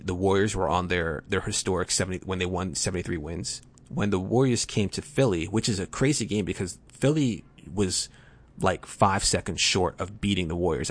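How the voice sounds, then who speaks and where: A low-voiced man in his late twenties talks sports with his co-host on a podcast. He explains the details carefully but stumbles and restarts his sentences often. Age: late 20s. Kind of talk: casual chat.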